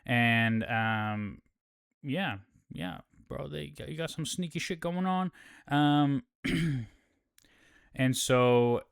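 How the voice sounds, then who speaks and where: A man's voice: medium pitch, very slow, creaky, pauses often, smooth. A man hosting a casual show recap, talking in a laid-back, profane way with lots of fillers.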